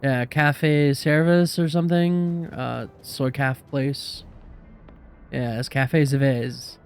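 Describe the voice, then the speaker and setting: A man hosting a game playthrough, reading the text aloud with relaxed, self-mocking asides. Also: medium pitch, slow, clear, resonant tone, faint music behind. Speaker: let's play host. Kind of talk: casual game narration and commentary.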